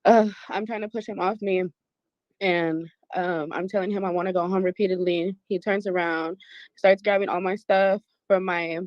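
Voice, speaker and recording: A woman's voice: lowish voice, a little mellow, dry recording. Shaken woman in a dull lo-fi clip. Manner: halting, shaken and profane. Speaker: woman telling her own story. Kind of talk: emotional personal account.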